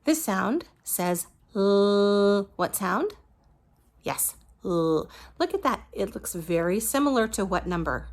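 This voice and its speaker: A woman's voice: medium pitch, very animated, normal speed, few pauses. A woman teaching a phonics lesson to young children, patiently modeling each letter sound and praising the listener.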